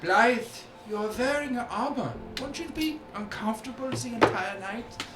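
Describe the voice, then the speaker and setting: A man's voice: very high-pitched, normal speed, roomy sound, heavy background noise, pitched above the performer's own voice. A man voicing a grand, mannered fae lord with airy, theatrical courtesy. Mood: gracious.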